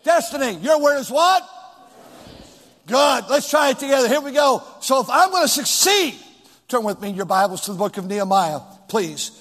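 A male pastor preaching a sermon with call and response to his congregation, rising into shouts. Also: very high-pitched, sing-song, brisk. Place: large church hall with two floors. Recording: long hall reverb.

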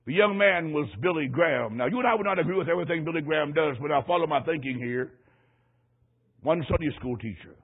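A man preaching a sermon, telling a folksy childhood story and swinging between loud and quiet passages. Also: a little high, fast, few pauses, breathy edge. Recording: tinny phone-like radio broadcast.

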